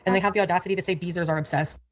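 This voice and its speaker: A woman's voice: fairly low pitch, steady tone, racing. A woman streamer in a replayed clip, chatting casually with her viewers in a mocking, scornful way. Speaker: streamer in a clip being reacted to. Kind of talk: casual livestream chat.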